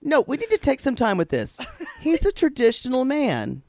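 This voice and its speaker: A man's voice: very high voice, wildly swooping pitch, moderate pace, darkish tone, no room sound. A man co-hosting a podcast, recapping in casual chat, sarcastic and mock-horrified, on a close mic. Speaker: podcast co-host.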